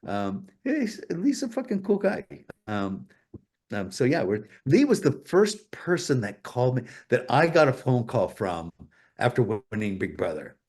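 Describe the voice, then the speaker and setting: A man's voice: medium pitch, sing-song, moderate pace, darkish tone, breathy edge. A male guest telling stories in a casual interview, rambling and swearing a lot. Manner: profane, rambling, full of fillers.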